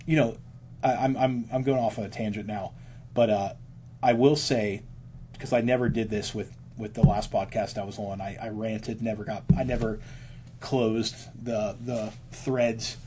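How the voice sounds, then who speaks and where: A man talking casually as an interview guest, a worship leader, rambling fast and breaking into lines of hymns. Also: fairly low pitch, steady tone, dark tone, a little hiss or hum.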